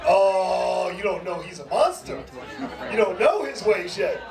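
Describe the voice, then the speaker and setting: A brash, profane comedy host with a fairly high voice teases the crowd between bits. He is heard from a distance through an echoey club room, with the audience loud around him. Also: expressive, unhurried, creaky. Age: middle-aged. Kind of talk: stand-up crowd work.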